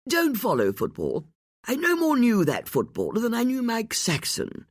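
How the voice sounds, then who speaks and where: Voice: mid-range voice, huge pitch swings, normal speed, slightly rough, no room sound, studio quality, pitched above the performer's own voice, exaggerated voice. The audiobook narrator voicing a pompous middle-aged lord who drawls and stammers through evasive answers. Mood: flustered.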